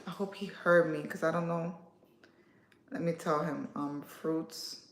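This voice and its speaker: A woman in her thirties hosting a casual livestream, chatting warmly and answering viewer comments. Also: low-pitched, fairly even intonation, measured pace, a little hiss or hum. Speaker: livestream host. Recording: echoey room.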